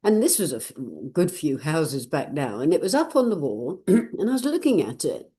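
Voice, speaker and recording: A woman's voice: sits low, sing-song, normal speed, mellow, slightly rough. An older woman chatting casually to her viewers, rambling and laughing often. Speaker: channeler and vlog host. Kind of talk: casual personal chat to viewers.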